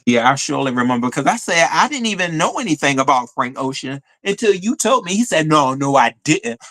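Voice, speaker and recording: A man hosting a live stream, telling a story in a chatty, animated way and answering viewer comments. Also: fairly high pitch, quick pace. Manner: animated storytelling, addresses viewers as y'all, frequent fillers. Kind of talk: casual live stream chat reading comments.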